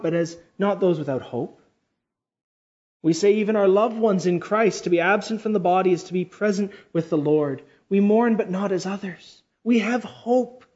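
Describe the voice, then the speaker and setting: A man preaching a sermon with fervor, swinging between loud, high exclamations and quiet, low passages and slowly drawing out key words. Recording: dull lo-fi sermon recording.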